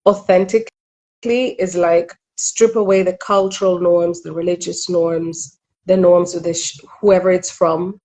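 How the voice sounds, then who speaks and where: A woman's voice: on the low side, little pitch movement, mellow, poor audio. A middle-aged woman from Kenya, a relationship coach, talking candidly and reflectively in an interview. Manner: earnest, reflective, quick asides.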